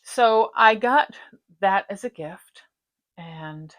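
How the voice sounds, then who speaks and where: A woman's voice: mid-range voice, animated, extremely slow. A middle-aged woman hosting a stitching vlog, chatting casually and rambling from one topic to the next. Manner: chatty, rambling, warm-hearted. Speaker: flosstube host. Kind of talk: casual chat.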